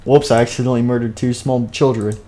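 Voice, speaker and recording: A man's voice: medium pitch, fairly even intonation, quick pace, mellow. A man narrating a game live stream, jumping between plain storytelling and playful character voices.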